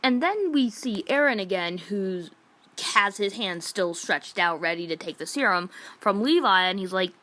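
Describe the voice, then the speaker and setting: A woman's voice: medium pitch, animated, moderate pace, sharp tone. A woman giving a casual, exasperated review rant, retelling events in a rambling way full of "like". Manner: rambling retelling, heavy use of "like"; exasperated and indignant. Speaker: manga reviewer.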